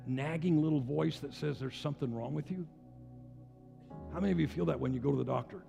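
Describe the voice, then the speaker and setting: A man's voice: fairly high pitch, a little fast, creaky, warm tone. Older male pastor preaching in a reverberant hall. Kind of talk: sermon. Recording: long hall reverb with faint music.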